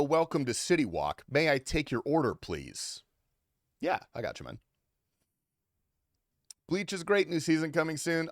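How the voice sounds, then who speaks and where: A man's voice: mid-range voice, no room sound, clean studio sound. A man streaming a game, chatting casually with his viewers in a crude, offhand way and swearing freely. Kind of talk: casual livestream chat.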